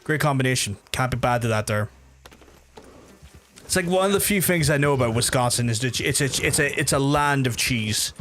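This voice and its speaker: A man from Northern Ireland with a softened Belfast accent, chatting casually and swearing freely through his own game stream, restarting his sentences often. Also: medium pitch, fairly quick, a little hiss or hum. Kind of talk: casual gameplay commentary.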